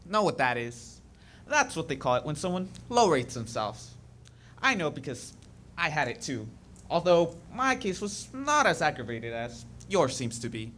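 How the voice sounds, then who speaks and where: A man plays a self-assured young man who lectures a shy girl about her confidence in a stage monologue. His voice rides a lively, slightly raised pitch with an earnest, faintly boastful push. A faint hiss of noise lies underneath. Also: normal speed. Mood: earnest confident.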